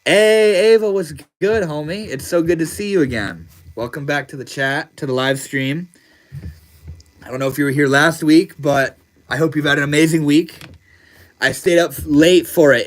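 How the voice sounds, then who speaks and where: A man with a slightly high voice speaks at a normal pace. He's hosting a casual livestream, reading out viewer comments and replying in a relaxed, slangy style.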